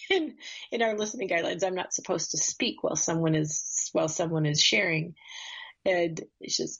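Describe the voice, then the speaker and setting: A woman's voice: mid-range voice, normal speed, creaky, a bit bright, slightly rough, muffled recording. A woman telling a personal story in a casual conversation, speaking earnestly with frequent small laughs and restarted phrases. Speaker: guest, course facilitator.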